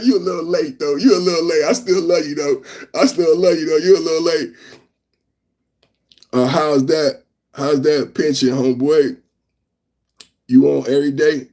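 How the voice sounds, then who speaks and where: A man's voice: fairly high pitch, a little slow, mellow. A man hosting a live news reaction podcast, rambling and talking straight to his chat, repeating phrases and tacking on "man.". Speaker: podcast host.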